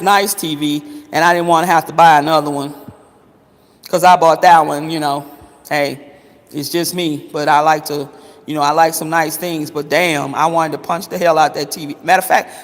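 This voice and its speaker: A man's voice: on the high side, fairly bright tone. A man chatting casually to his viewers, calling them honey and swearing freely. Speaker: vlogger. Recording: long reverberant echo.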